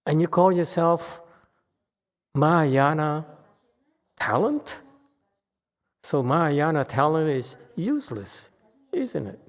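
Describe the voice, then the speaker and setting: A man giving a Buddhist lecture, pressing his listeners with pointed rhetorical questions and jumping up in pitch to stress a point. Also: lively intonation, takes it slowly, pauses often, long reverb tail. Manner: sudden rises in pitch and force when stressing a point. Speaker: Buddhist teacher. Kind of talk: Dharma lecture.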